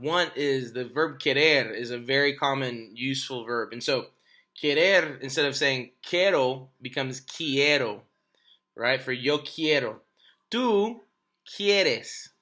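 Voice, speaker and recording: Bright-voiced man teaching a class. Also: mid-range voice. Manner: chatty, hesitant with many ums and restarts. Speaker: Spanish teacher. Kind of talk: recorded remote lesson. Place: home at night.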